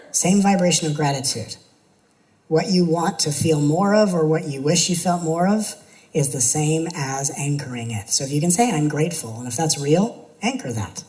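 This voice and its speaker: A man with a somewhat high, darkish voice, captured on a low-quality recording. He's a spiritual teacher giving an earnest talk to an audience, building his points through repetition and occasionally slipping into playful mimicry.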